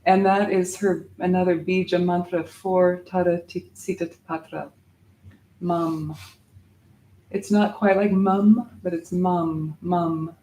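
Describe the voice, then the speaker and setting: A woman's voice: fairly low pitch, level tone, mellow, roomy sound, slight background noise, poor audio. A woman meditation teacher patiently guiding a class through Sanskrit mantra pronunciation and breathing. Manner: patient, demonstrates sounds, chants syllables slowly.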